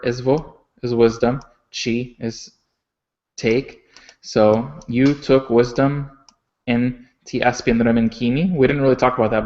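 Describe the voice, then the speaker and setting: A man with a gravelly, fairly flat voice teaches a recorded language lesson. He explains patiently with plenty of ums and restarts, then slows down to pronounce each example carefully. The audio is a little dull and muffled. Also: mid-range voice. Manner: explains patiently, with frequent fillers and self-corrections; slow, careful pronunciation of example sentences.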